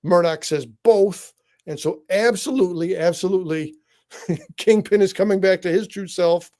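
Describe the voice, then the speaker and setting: Excitable high-voiced man reviewing a show. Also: normal speed. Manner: excitable, rambling with tangents and laughs. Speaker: podcast co-host. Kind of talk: enthusiastic review chat. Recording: live online show.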